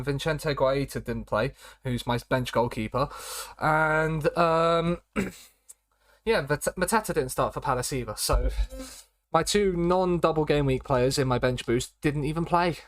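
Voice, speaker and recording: A man's voice: on the high side, a little slow, fairly bright tone, no echo. A young man chatting casually as he streams a football management game, rambling and repeating his catchphrases. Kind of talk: casual live-stream commentary.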